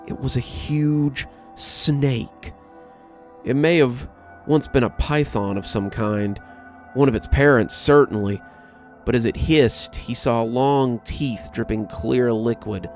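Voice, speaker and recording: A man reading a horror story aloud in dramatic scripted narration, building tension toward sharp exclamations. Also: mid-range voice, slow. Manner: dramatic, rising to tense exclamations. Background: faint background music.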